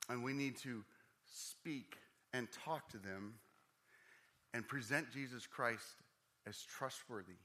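A man preaching a sermon as pastor, conversational with asides, swinging from quiet reflection to excited, animated emphasis. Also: mid-range voice, slow pace, long pauses.

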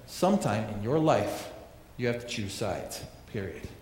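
A man's voice: fairly low pitch, animated, measured pace, a little mellow, a little hiss or hum. A male pastor preaching a sermon, emphatic, repeating phrases and asking rhetorical questions. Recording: echoey hall reverb, faint ambience.

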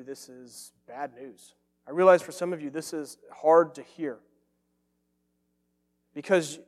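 A man's voice: fairly high pitch, long reverb tail. A man preaching a sermon as pastor, earnest and emphatic, repeating phrases for stress.

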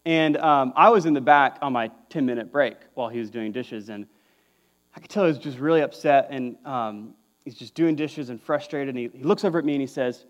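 A man's voice: on the high side, moderate pace. A young man, preaching a conversational sermon as a pastor, full of fillers and restarts.

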